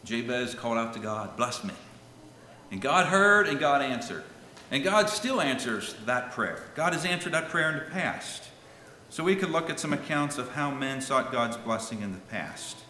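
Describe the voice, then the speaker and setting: A man preaching a sermon, swinging from loud calls to hushed lines, and reading scripture in old-fashioned wording. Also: medium pitch, big pitch swings, moderate pace, a little hiss or hum. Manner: reads scripture in King James wording. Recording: echoey hall with long reverb.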